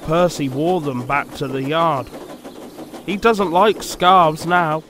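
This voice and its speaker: A man narrating a children's storybook in a slow, expressive, measured way. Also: fairly high pitch, a little hiss or hum. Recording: music playing under the voice.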